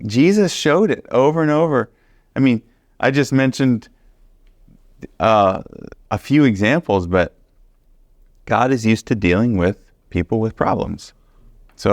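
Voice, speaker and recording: Earnest preacher guy, deep and a bit gravelly, animated bible study talk. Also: no room sound, studio quality. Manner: earnest, animated storytelling with repeated emphasis.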